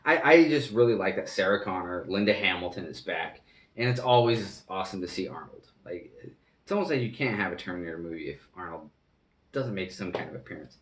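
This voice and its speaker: Low-voiced man, rambling movie review. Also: animated, fairly quick, reverberant, distant mic. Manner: earnest, rambling and emphatic. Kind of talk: casual film reaction commentary.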